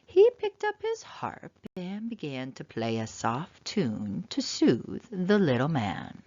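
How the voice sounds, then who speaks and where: A woman reading a children's picture book aloud with expressive, dramatic narration. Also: low-pitched, slow pace, no echo. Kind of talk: storybook read-aloud narration. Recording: slightly dull, dry lo-fi sound.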